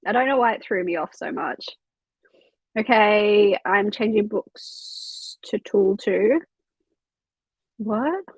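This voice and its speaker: A woman's voice: medium pitch, lively intonation, slow pace, pauses often, slightly rough, no echo, rough recording. A young woman hosting a casual reading livestream from home, chatting loosely, swearing freely and reading out chat comments. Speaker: livestream host of a reading sprint.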